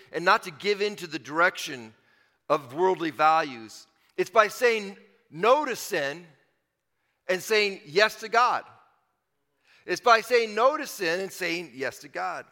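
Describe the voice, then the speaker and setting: A man's voice: a little high, bright, forceful tone, long reverb tail. A man preaching a sermon in an earnest, conversational way, repeating phrases and building to emphatic swells. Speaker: pastor.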